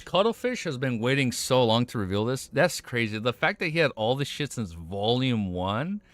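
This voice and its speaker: A young man streaming live, reacting excitedly with lots of swearing and laughing at himself. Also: medium pitch, moderate pace, soft background music. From United States.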